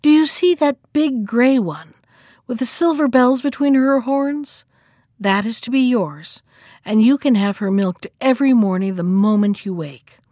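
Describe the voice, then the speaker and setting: Woman reading a calm, firm old peasant man. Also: a little high, a little slow, no echo, clean studio sound.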